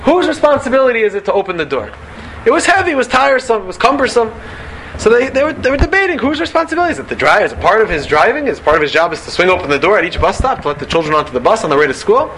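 A man delivers a lively Torah lecture, firing off rhetorical questions and sprinkling in Hebrew and Yiddish terms. His voice sits high and sounds bright and forceful. A faint hum of room ambience lies beneath him. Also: rapid-fire. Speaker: rabbi giving a Torah talk.

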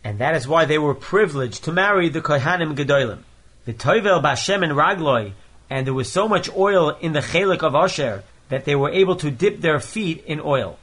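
Man, Torah lesson, reads a phrase then translates it, fairly high voice. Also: expressive, moderate pace, a bit bright. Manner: reads each Hebrew phrase then explains it in English. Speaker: Torah teacher. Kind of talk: Torah lesson, reading Hebrew verses and translating line by line.

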